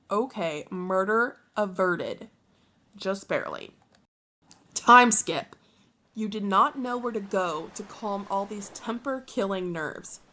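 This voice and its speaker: A woman's voice: medium pitch, fairly bright tone, a little hiss or hum. A woman reading a fan story aloud in a playful way, breaking off for joking asides and laughing at her own reading. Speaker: channel host reading fanfiction.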